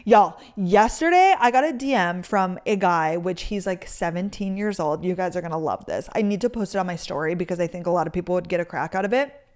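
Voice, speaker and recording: Brisk and lively in intonation, her low-leaning, slightly mellow voice carries a chatty storytelling session to camera. The content creator fills it with "like"s and acted-out quotes, recorded on a camera mic.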